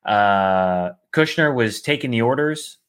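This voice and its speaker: A man's voice: medium pitch, lively intonation, slow pace, a bit bright, clear, resonant tone. A man co-hosting a casual political podcast, joking and riffing in silly voices. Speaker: podcast co-host.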